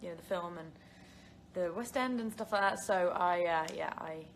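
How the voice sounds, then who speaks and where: A young woman from England, an actress, answers fan questions on a casual phone livestream, reading them aloud, laughing frequently and using filler words. Her lowish voice keeps a moderate pace, and there is a little hiss or hum.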